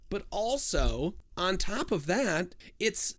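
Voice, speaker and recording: Man, slightly higher voice, quick casual game-guide narrator who cracks jokes between steps. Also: lively intonation, fairly bright tone. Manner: fast instructional, joking asides. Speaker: streamer giving a game guide.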